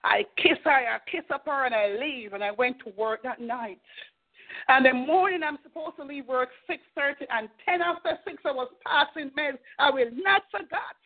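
A woman's voice: sits high, normal speed. A middle-aged woman minister giving an earnest, fervent testimony and exhortation on a prayer call. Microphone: telephone. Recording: tinny phone line.

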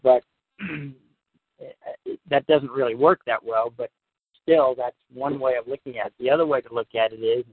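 A man hosting a call-in show and answering questions in a halting way, with restarts. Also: medium pitch, steady tone, no room sound. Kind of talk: call-in radio talk. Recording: tinny phone-like line, dry.

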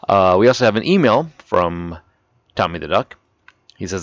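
Very deep-voiced podcast host man. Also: normal speed, long pauses, dry recording, dull audio. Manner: reads listener emails aloud, deadpan jokes. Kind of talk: casual chat.

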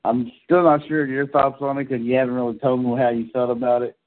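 Halting enthusiastic man over a phone line. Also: medium pitch, flat delivery. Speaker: podcast co-host. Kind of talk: casual horror movie chat.

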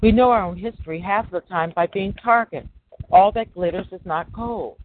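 A man's voice: sits high, normal speed, slight background noise. A middle-aged man, a podcast host, giving a preachy religious monologue full of rhetorical questions. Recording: dry, tinny phone-line sound.

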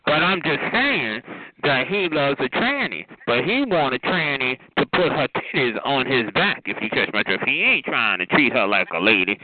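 A man calling into a phone chat line, trading sassy, drawn-out insults in a heated conversation. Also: medium pitch, very animated. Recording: tinny noisy phone line.

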